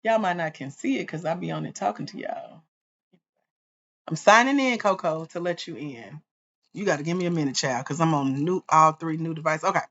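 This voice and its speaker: Excitable woman chatting on a livestream. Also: low-pitched, brisk, highs cut off. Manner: excitable, chatty, talks to viewers directly. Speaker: livestream host and grants coach. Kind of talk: casual livestream chat.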